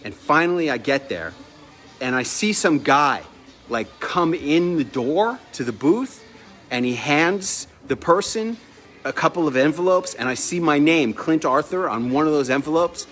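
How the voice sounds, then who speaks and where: A man telling a personal story in a chatty, lively way, laughing now and then. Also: on the high side, moderate pace, faint music behind. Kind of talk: casual storytelling.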